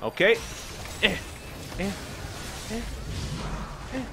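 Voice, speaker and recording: Excitable young man yelling at his game. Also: mid-range voice, moderate pace, noisy background. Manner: excitable, swings from calm chatter to yelling at the game. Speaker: gameplay commentator. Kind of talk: casual gameplay commentary.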